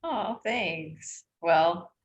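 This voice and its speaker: A woman's voice: on the low side, very slow, dull audio. A woman co-hosting a podcast, talking casually and enthusiastically, with lots of "like" and "oh my God". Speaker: podcast co-host. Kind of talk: casual conversation.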